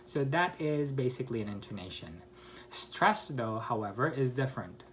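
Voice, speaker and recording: A man giving an online English pronunciation lesson, explaining slowly with pauses and self-corrections and acting out example questions with exaggerated rising and falling pitch. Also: expressive, a little hiss or hum. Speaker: English teacher.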